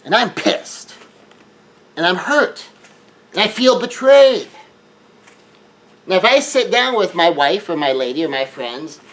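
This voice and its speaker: A man's voice: high-pitched, very animated, fairly bright tone, rough recording. A man giving earnest relationship advice in a monologue, often repeating words as he builds a point. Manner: earnest, repeats words when rushing, acts out quoted scenes.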